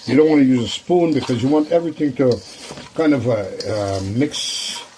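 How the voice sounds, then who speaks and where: A man's voice: medium pitch, lively intonation, moderate pace, background noise. A man hosting a casual cooking demonstration in his kitchen, chatting to viewers and repeating phrases as he works. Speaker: cooking show host.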